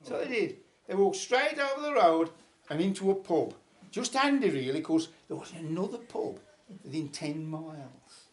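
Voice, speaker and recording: A man's voice: high voice, moderate pace. A man telling a folk tale aloud at a folk club, in a chatty manner with asides. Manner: chatty, lively storytelling with asides.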